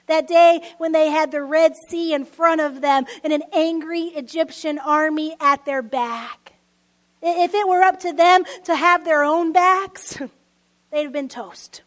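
A woman giving a sermon to a congregation, intimate, often dropping to soft near-whispers for emphasis. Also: high voice. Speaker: preacher. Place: church service.

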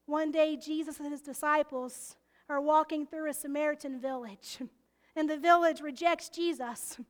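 A woman preaching a sermon, expressive and often laughing, dropping into hushed whispers to stress a point. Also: high voice.

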